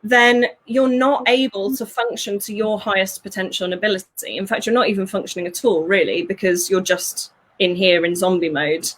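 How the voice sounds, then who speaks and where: A woman, working as a fulfillment coach, talks through ideas in an animated way, laughing often and acting out voices. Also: medium pitch, moderate pace, few pauses. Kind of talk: conversational interview.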